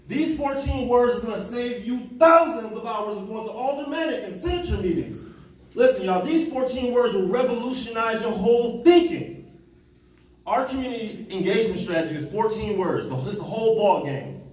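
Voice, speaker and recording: A man, giving an animated motivational talk on stage and acting out the people in his stories. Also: extremely high pitch, fairly quick. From Chicago, USA. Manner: animated storytelling, acting out quotes. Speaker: community organizer and speaker. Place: large hall on stage. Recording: echoey hall, from far off, faint noise.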